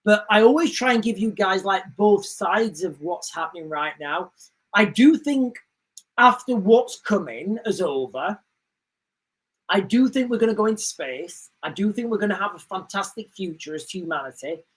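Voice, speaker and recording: A woman's voice: mid-range voice, lively intonation, moderate pace, rough recording. A woman hosting a live-streamed news commentary, talking straight to her viewers in a rambling, emphatic way with many restarts. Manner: addresses viewers directly. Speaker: livestream host.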